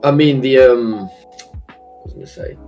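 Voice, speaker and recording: A man's voice: mid-range voice, steady tone, moderate pace, warm tone, faint music behind. A man talking as a guest on a casual stream, hesitant, with many restarts and self-deprecating laughs. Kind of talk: casual chat.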